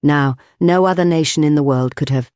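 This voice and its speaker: A narrator voicing a pompous, slow-witted gentleman who chairs a club dinner. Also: medium pitch, clean tone, no room sound, studio quality, lightly acted. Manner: pompous, heavy.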